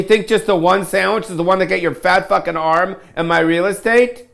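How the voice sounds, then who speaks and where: A comedian man rants to camera in a gravelly voice that sits a touch high. He swears freely, pities himself and talks in loose surfer-dude slang. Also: moderate pace, few pauses, a bit bright. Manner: profane, self-pitying, ranting.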